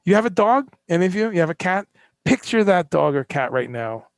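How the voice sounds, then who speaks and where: A man's voice: sits high, very animated, fairly quick, creaky, no echo, clean studio sound. A man hosting a live-streamed solo talk, ranting with passion, swearing and firing off rhetorical questions. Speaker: host.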